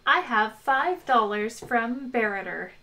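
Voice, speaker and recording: A woman's voice: a little high, animated, slow pace, pushed and bright. A woman hosting a live game stream, chatting casually, laughing often and thanking donors. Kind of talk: casual chat while playing a game.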